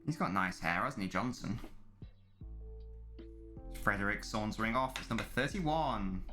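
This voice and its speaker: Bright-voiced chatty streamer. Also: male voice, fairly low pitch, expressive, measured pace, soft background music. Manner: chatty, rambling, laughs at his own jokes. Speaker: streamer hosting a live football watchalong. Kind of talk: casual live-stream commentary, reading and answering chat.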